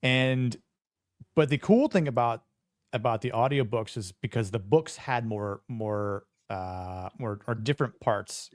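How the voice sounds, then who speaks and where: A man's voice: mid-range voice, unhurried, dry recording, studio quality. A man co-hosting a podcast in casual chat, rambling with many fillers and restarts. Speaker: podcast co-host.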